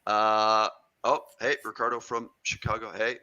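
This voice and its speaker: A man hosting a live stream, greeting viewers in a friendly, halting way with many uhs. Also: fairly low pitch, level tone, sharp tone, rough recording. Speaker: host. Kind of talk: live-stream shout-outs. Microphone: video call.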